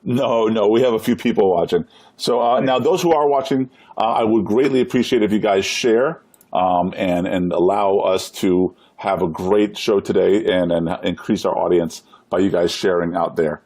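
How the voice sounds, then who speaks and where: A man's voice: low-pitched, moderate pace, a little mellow. A man hosting a casual live-stream interview, upbeat, asking questions and urging viewers to share. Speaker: live show host.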